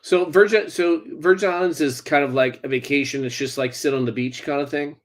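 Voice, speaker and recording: A man's voice: on the high side, a little fast. A man, an actor, answering interview questions casually, hesitant and wry. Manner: hesitant, many fillers, wry. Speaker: actor guest.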